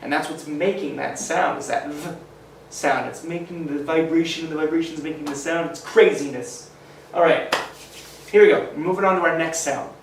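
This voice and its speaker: Heard from a distant mic in an echoey room, a man leads kids through a phonics lesson, pronouncing letters one at a time. His voice is a bit high, his pace slow and encouraging, and a faint hiss or hum sits underneath.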